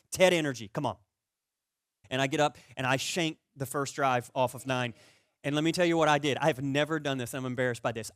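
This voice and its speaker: A man preaching a conversational sermon as pastor, telling stories with animated, comic energy. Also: dry recording, clean studio sound. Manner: animated storyteller who gets loud and high-pitched in comic stories.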